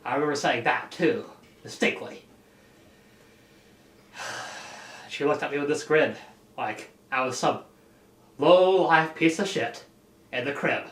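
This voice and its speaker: A man delivering an improvised comic monologue as a mock job applicant, deadpan with sighs. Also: a little high, slow, long pauses, roomy sound.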